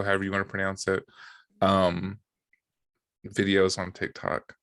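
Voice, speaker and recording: A man's voice: sits low, measured pace, pauses often, no room sound. A man co-hosting a podcast in casual chat, joking and reading from notes with lots of fillers. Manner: relaxed, joking, many fillers. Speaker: podcast co-host.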